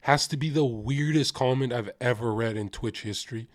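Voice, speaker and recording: A young man streaming live, reacting to a podcast with loud jokes, crude swearing and sudden mimicking bursts. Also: normal speed, dry recording, studio quality. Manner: animated, jokey, swears freely and mimics people in sudden high bursts. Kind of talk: livestream reaction commentary.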